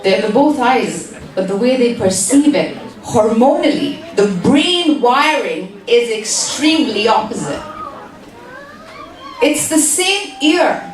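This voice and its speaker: A woman's voice: on the high side, lively intonation, takes it slowly, distant mic. A woman giving a humorous lecture to an audience in a large hall, teasing the listeners and repeating phrases for emphasis. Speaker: speaker at a community talk.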